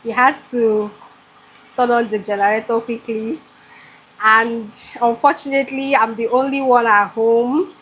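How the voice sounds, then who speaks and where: A Nigerian woman hosts a live cooking stream from her home kitchen and speaks to her viewers in an effusive way. She talks slowly in a fairly high voice. A generator hums faintly in the background. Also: steady tone, fairly bright tone. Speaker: cooking show host. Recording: generator noise behind.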